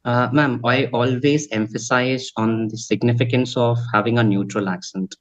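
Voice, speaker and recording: A man's voice: mid-range voice, steady tone, moderate pace, lo-fi sound. A man with a Bhojpuri mother tongue, a trainer answering interview questions earnestly, politely adding "ma'am" as he gives advice. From India. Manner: earnest, advising, keeps saying ma'am and right. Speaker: accent trainer and guest.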